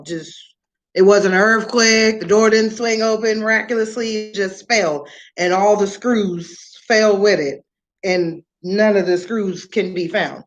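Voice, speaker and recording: A woman in her thirties, a mother on a casual livestream, venting in a profane, rambling, exasperated way. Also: mid-range voice. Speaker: livestreaming parent. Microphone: phone or webcam, livestream.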